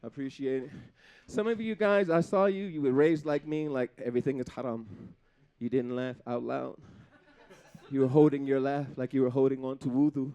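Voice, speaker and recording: A man doing live stand-up comedy on a stage before an audience, talking in an animated way, laughing between jokes and slipping into funny put-on voices. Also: medium pitch, moderate pace, clear, resonant tone.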